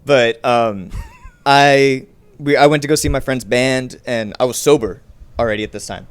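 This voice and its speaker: A man with a mid-pitched voice co-hosting a podcast, telling stories in easygoing chat. He is laid-back and self-deprecating, breaking into laughs as he talks. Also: fairly quick, smooth. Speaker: podcast co-host. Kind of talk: casual storytelling chat.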